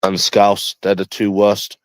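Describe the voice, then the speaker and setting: A man's voice: on the low side, monotone, measured pace, no echo. A young man from London chatting on a livestream, blunt and rambling with frequent swearing. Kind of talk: casual livestream chat.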